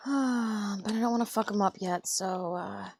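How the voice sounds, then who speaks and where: Woman, livestream host, casual rambling chat, self-mocking, mid-pitched voice, dry close sound. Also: measured pace, vocal fry, a little mellow, husky, dry recording. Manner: rambling, chatty, self-deprecating asides. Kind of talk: casual live-stream chat while crafting.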